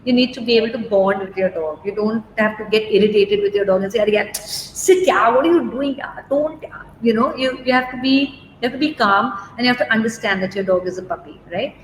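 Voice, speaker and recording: A woman, a dog groomer giving a relaxed live demo and answering questions, chatty and reassuring, often checking "okay?". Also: medium pitch, fast, hardly any pauses. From India. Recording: roomy echo, faint background noise.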